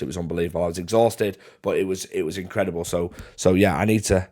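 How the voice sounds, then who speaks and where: A man's voice: deep voice, steady tone, quick pace, a little mellow. A young man, chatting casually as he answers fan questions in a laddish, slangy way. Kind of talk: casual Q&A to camera.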